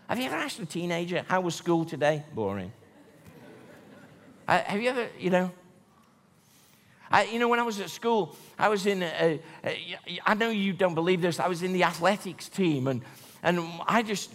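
A man preaching a conversational sermon to a large congregation, often asking rhetorical questions. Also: high-pitched. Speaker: pastor. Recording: long church hall reverb.

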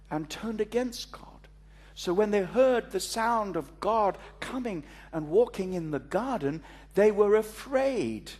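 Man preaching with a high, storytelling voice. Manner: storytelling, playful asides to the congregation. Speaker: pastor. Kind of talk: sermon. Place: church before a congregation.

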